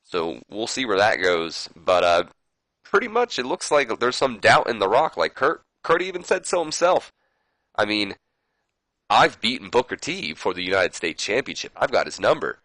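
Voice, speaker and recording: A man's voice: fairly low pitch, a bit bright, no room sound, rough recording. A young man casually commenting on his wrestling sim playthrough in a rambling, self-deprecating way. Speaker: gaming video host.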